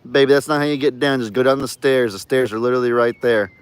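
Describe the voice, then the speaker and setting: A man's voice: medium pitch, fast, smooth. Chatty man on his farm. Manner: chatty, talks to his animals in a doting voice. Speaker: farm vlogger. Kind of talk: casual farm vlog. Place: outdoors on a farm.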